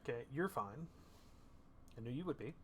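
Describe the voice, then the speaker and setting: A man narrating a tabletop game as game master, rambling and halting with many fillers. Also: mid-range voice, lively intonation, a little hiss or hum.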